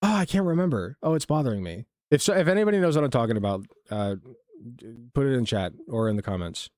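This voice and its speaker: A man's voice: medium pitch, big pitch swings, fast, darkish tone, no echo, clean studio sound. A man streaming a casual reaction video, rambling and sarcastic, full of fillers and restarts.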